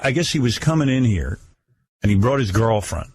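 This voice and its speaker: A man hosting a radio talk show, telling a story casually and mimicking others in a higher voice. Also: brisk, breathy edge, no echo. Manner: animated, acts out quotes in a higher mocking voice. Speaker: radio host.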